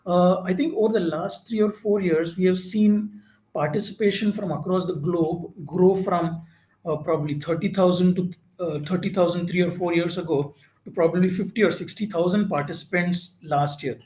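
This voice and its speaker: A man's voice: high-pitched, fairly even intonation, moderate pace, darkish tone, reverberant, poor audio. A man giving an informal presentation at an info session, talking with many fillers and restarts.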